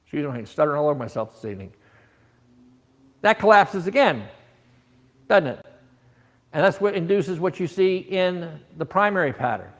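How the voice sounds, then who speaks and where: A man's voice: on the high side, expressive, normal speed, pauses often. A man teaching an automotive technical seminar, explaining scope patterns with rhetorical questions and frequent restarts.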